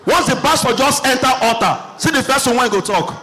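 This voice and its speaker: A young man with a Nigerian Pidgin English accent doing an animated stand-up routine on a comedy stage, telling shouted stories with punchy asides. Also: very high voice, normal speed, a faint crowd, a little hiss or hum, poor audio.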